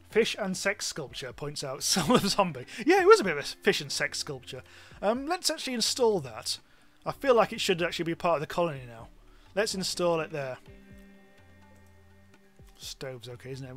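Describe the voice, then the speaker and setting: A man's voice: fairly high pitch, a bit bright. A British man giving rambling, casual commentary on a live game stream, swearing freely.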